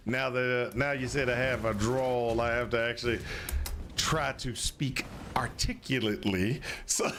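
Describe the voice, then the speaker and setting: A man's voice: mid-range voice, fairly even intonation, unhurried, a bit bright, slight background noise. A man from North Carolina streaming a video game, chatting casually in a rambling, repetitive way. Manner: rambling and repetitive, restarts phrases. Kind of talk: casual chat while gaming.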